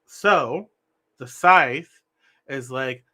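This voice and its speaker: A young man reads tarot cards in a bright, somewhat raised voice. He talks earnestly, circling back and restarting his thoughts as he gestures with his hands. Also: a little high, measured pace. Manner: earnest, meandering, self-correcting. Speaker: tarot reader. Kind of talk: spiritual tarot reading.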